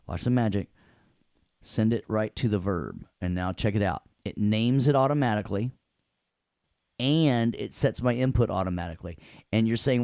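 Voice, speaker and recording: Playful low-voiced male audio teacher. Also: lively intonation, a little fast, darkish tone, no room sound. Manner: playful, joking, repeats "check it out". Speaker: audio production instructor. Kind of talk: live software demo lecture.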